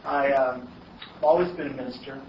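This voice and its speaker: A man's voice: mid-range voice, steady tone, fairly quick. A man speaking earnestly and a little hesitantly as a participant at a group meeting. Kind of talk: personal statement. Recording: distant, echoey, dull, noisy.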